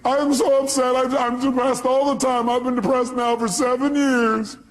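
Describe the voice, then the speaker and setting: A man voicing an upset, depressed woman caller in a high, whiny falsetto. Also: flat delivery, moderate pace.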